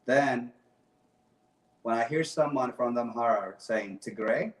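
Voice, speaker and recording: A man's voice: medium pitch, measured pace, roomy sound, recorded from a distance, poor audio. A man speaking as a guest on a talk show, passionate and emphatic, often repeating his phrases. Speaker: guest activist. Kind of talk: impassioned talk show speech.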